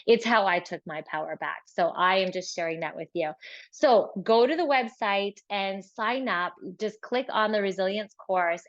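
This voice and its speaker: A woman's voice: fairly low pitch, no room sound, dull audio. A woman hosting an online course open house in a casual, encouraging way, with many fillers and restarts. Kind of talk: casual webinar walkthrough.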